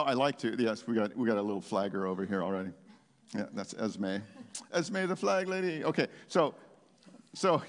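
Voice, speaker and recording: A man preaching a sermon in a church, exuberant and animated, rambling into asides and laughing often. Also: mid-range voice. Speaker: pastor. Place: church sanctuary. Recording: long hall reverb.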